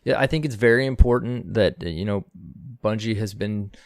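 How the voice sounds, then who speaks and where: Lower-voiced male co-host, animated and laugh-prone, dry mic. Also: moderate pace, no room sound. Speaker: podcast co-host. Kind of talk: casual gaming podcast chat.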